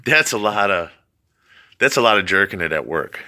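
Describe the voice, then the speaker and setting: A man's voice: on the low side, lively intonation, normal speed, bright, forceful tone. A man vlogging as he reads out a news story, with rambling asides and frequent laughter. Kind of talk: casual commentary on a read-aloud story.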